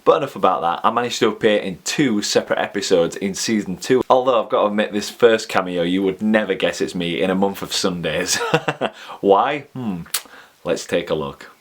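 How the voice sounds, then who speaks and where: A Yorkshire man talks in a relaxed, chatty vlog, making jokes at his own expense and chuckling often. His voice sits low and deep. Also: normal speed. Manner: jokey and self-mocking, chuckles often. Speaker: vlogger and TV extra. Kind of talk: casual chat.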